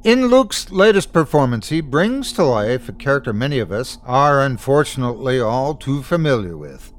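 A man's voice: medium pitch, very animated, normal speed, a little hiss or hum. Playful, theatrical male podcast host. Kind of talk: scripted show introduction.

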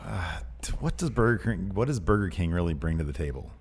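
Laid-back joking man with a lively voice. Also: sits low, fairly quick, breathy edge. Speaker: podcast co-host reading viewer questions. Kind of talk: casual chat.

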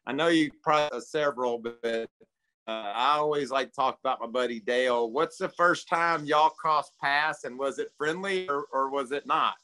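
A man's voice: medium pitch, moderate pace, sharp tone, low-quality recording. A man hosting a podcast interview, asking questions in a friendly, chatty way. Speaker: podcast host. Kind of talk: casual interview chat.

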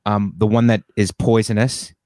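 A man, a comedian guest on a podcast, telling rambling deadpan stories with fillers. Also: fairly low pitch, normal speed, dry recording, clean studio sound. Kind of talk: casual comedic podcast banter.

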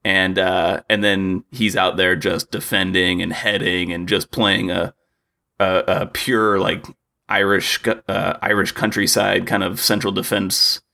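A young man co-hosts a casual football podcast in a very low voice with a gravelly edge. He rambles, restarts sentences and leans on fillers as he thinks aloud. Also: little pitch movement, unhurried, pushed and bright. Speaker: podcast co-host. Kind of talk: casual sports chat.

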